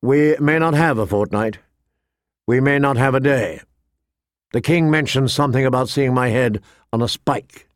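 A man voicing a stern, honorable middle-aged lord who speaks gravely and firmly. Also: medium pitch, dry recording, clean studio sound, close to an everyday voice. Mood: weary. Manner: grave, firm, measured.

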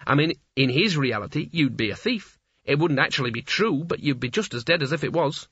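Brief: man doing an anxious, rambling wizard, bright husky voice, dull dry lo-fi sound. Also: fairly high pitch, animated, a little fast, dry recording, exaggerated voice. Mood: explaining. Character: flustered fussy male wizard.

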